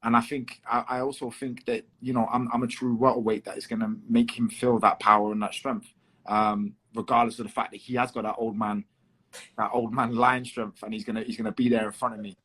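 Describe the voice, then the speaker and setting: A man with a Liverpool accent, a guest fighter in a casual podcast chat, talking quickly and repeating himself as he works through his points. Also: medium pitch, little pitch movement, a bit bright, breathy edge. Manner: quick, repetitive, chatty.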